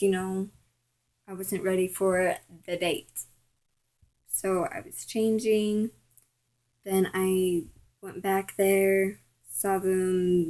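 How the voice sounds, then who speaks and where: A woman's voice: medium pitch, a little mellow. A woman telling a personal story in a rambling, casual way, full of "like" and "I'm all like". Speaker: vlogger.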